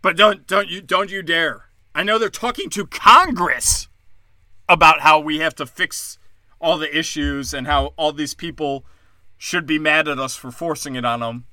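A man's voice: on the high side, normal speed, sharp tone, dry recording. A young man ranting in a combative, sarcastic monologue, cursing and mocking his critics. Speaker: comedian.

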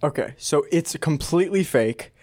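A man's voice: on the high side, expressive, normal speed, darkish tone. Profane man hosting a podcast. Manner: loose, profane, giggly asides. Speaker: podcast host. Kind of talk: casual chat.

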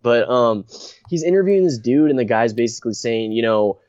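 A man's voice: medium pitch, animated, a little fast, a little mellow, no room sound. Rambling young man, dry dull recording. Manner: rambling and blunt, with frequent laughs and restarts. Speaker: podcast host. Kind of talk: casual podcast chat.

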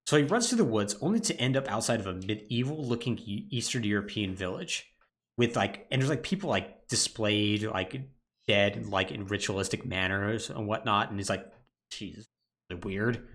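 A man hosting a casual podcast, his pitch bouncing freely as he walks through a plot. He keeps it informal, stacking filler words as he goes. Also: moderate pace. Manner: animated plot retelling with lots of "like" fillers. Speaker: podcast co-host.

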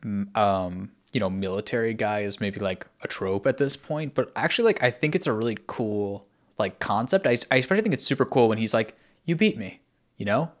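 Brief: lowish-voiced man, animated casual podcast chat. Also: a little fast, hardly any pauses. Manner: animated, filler-heavy.

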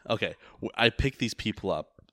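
Rambling, cursing man with a low voice. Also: expressive, normal speed, bright, forceful tone, dry recording, clean studio sound. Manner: rambling storyteller, heavy swearing. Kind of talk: casual chat.

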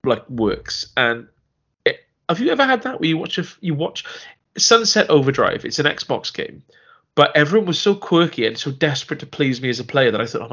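A man's voice: on the high side, very animated, a little fast, a bit bright, breathy edge, highs cut off. A man co-hosting a podcast, chatting casually about a TV series, rambling with restarts and acting out lines. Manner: rambling, restarts often, acts out quoted lines. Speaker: podcast co-host. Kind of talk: casual chat reviewing a TV series.

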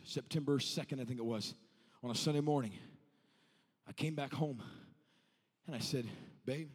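A male evangelist in his thirties, preaching a revival sermon that moves from telling a story to shouting. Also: medium pitch, husky, long reverb tail.

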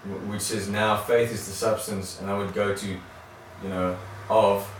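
Heard from a distance in a very echoey room, a man with a fairly low, flat-pitched voice speaks unhurriedly over slight background noise. He's sharing in a church study group, hesitant and often restarting or repeating words.

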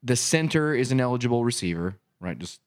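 Podcast guy telling a coaching story, voice jumps all over, yells out the quotes. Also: mid-range voice, expressive, brisk. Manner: acts out his own yelling in loud quoted bursts. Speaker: podcast co-host and youth football coach. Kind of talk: casual chat, animated storytelling.

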